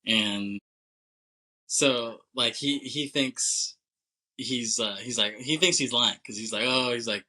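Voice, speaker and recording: Slow-paced and medium-pitched, this young man's voice is bright and forceful, though the audio is poor. He's a podcast co-host recapping a film in a loose, profane way, voicing the characters' lines with laughs.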